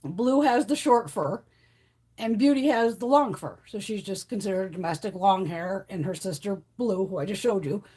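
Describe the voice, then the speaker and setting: Woman, casual live-stream chat, swears a lot, lively pitch, chatty. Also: moderate pace, breathy edge. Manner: swears freely, chatty, laughs often. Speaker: livestream host. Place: at home.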